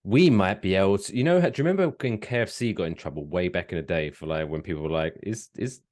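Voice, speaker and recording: A man, co-hosting a casual podcast, telling stories with lively, swooping emphasis. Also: fast. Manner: animated storytelling, swooping pitch, laughs while talking. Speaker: podcast co-host.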